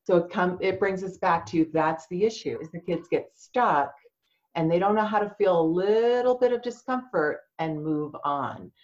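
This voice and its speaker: Lower-voiced woman explaining to parents, lo-fi. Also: normal speed. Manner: warm, expressive explainer who acts out quoted voices. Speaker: guest feeding expert, speech language pathologist. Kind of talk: podcast interview, explaining advice to parents.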